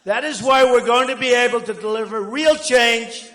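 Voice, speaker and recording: A man's voice: very high voice, moderate pace, sharp tone. A man giving a campaign rally speech, boastful and repetitive, with rambling asides. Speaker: political candidate addressing a rally. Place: large rally hall. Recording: echoey hall with long reverb.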